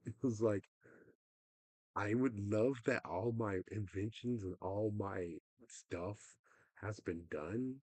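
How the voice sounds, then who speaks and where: A fairly low-voiced young man with a husky edge, rambling through a casual livestream rant. The sound is dry and close, with no room around it. His sentences wander and trail off in frustration. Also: slow, a little mellow, dry recording.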